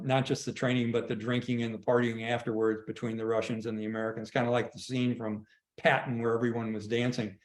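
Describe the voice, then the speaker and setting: Retired general telling a war story. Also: male voice, mid-range voice, darkish tone, echoey room. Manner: conversational, halting restarts, anecdotal. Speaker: retired army general, guest. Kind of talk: casual storytelling in an online conversation. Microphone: video call.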